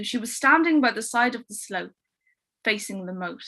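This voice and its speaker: A woman storyteller telling a ghost story on a livestream, hushed and dramatic, sometimes dropping almost to a whisper. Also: fairly high pitch, expressive, moderate pace.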